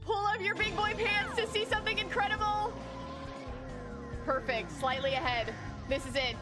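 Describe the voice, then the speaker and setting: A woman live-streaming a game for charity, reacting with excitable squeals and shouts. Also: very high-pitched, moderate pace. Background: loud game music.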